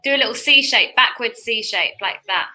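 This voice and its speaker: Bright-voiced woman teaching painting. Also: on the high side, brisk, faint music behind. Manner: cheerful, chatty instructions. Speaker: painting instructor. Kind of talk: step-by-step art tutorial.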